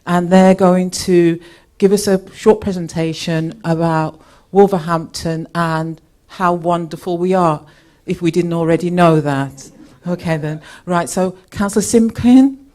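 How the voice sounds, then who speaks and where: A woman's voice: fairly low pitch, unhurried, few pauses, warm tone. A woman hosting a conference, introducing speakers in a chatty way and laughing at her own slip-ups. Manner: chatty, flustered, laughs at herself. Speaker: event host. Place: conference room.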